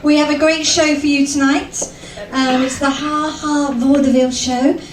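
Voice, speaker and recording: A British woman with a high voice works through a stand-up set in a chatty, self-mocking way, dotted with ums. She sounds set back from the mic, and the club's echo and faint room noise ring around her. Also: level tone, moderate pace, recorded from a distance. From Britain. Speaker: stand-up comedian. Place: comedy club stage.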